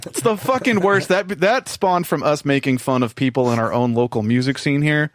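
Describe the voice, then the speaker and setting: A man's voice: mid-range voice, normal speed, dry recording, clean studio sound. A man co-hosting a podcast, chatting casually and crudely, swearing freely and mocking people. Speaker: podcast co-host. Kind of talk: casual profane banter.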